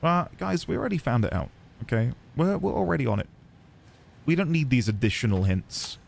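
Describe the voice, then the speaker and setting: A man's voice: on the high side, big pitch swings, fairly quick, creaky. A man streaming a game, musing aloud playfully as he reads notes and explores. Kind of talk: let's-play commentary.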